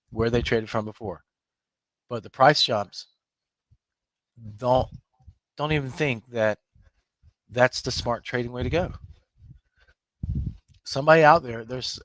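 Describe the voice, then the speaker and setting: A man's voice: mid-range voice, dry recording. A man hosting a live trading room, talking emphatically to his viewers, scolding them and laughing often.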